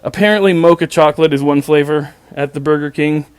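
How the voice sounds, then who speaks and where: Fairly high-pitched and a little fast, this man's voice is clear and resonant on a dry recording. Hosting his show, he tells a casual story with profane sarcasm and exasperation, restarting his sentences again and again in a stammer.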